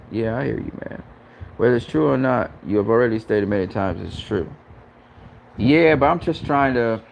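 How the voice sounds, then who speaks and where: A man's voice: medium pitch, gravelly, slight background noise. A man hosting a casual live stream, talking earnestly and repeating himself with stammering restarts. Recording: lo-fi, faint background ambience.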